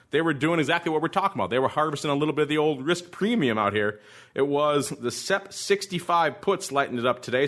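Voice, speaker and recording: A male podcast host talks through stock charts in a loose, jokey, rambling way. He sounds animated and playful, with an average male pitch. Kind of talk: casual market commentary.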